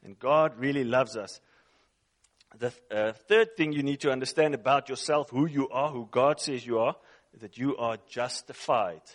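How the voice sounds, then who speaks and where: At a normal speed and medium pitch, a non-native English-speaking man preaches emphatically. He reads from scripture, repeats phrases, and questions his audience.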